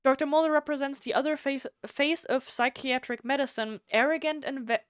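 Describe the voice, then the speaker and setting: A woman, a native German speaker, streaming a game with casual commentary, animated and swearing freely while reading text aloud. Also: sits high, brisk, no echo, studio quality.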